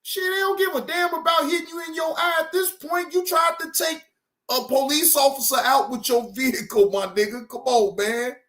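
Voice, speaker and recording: A man hosting a reaction video, commenting loudly and casually in slang. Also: very high voice, fairly even intonation, normal speed. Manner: loud, exclaiming, slangy. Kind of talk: casual commentary over clips.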